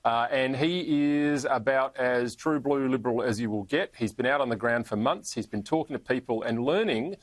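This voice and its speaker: A man's voice: mid-range voice, moderate pace, few pauses, no room sound. An Australian man talking as a politician guest in an interview, chatty, chuckling through his stories and trailing off with fillers. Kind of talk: casual interview talk.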